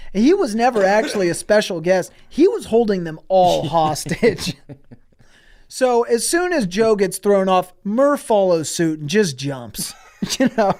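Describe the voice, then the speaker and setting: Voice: medium pitch, a little mellow. A podcast co-host telling an improvised crude comedy story, giggling often. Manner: crude, giggling, unhurried riffing.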